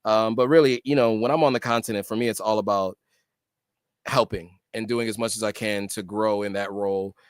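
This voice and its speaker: A man's voice: on the low side, fairly even intonation, a little fast, smooth, dry recording. A middle-aged American man hosting a casual livestream, reading out viewer comments and answering them with many ums and restarts.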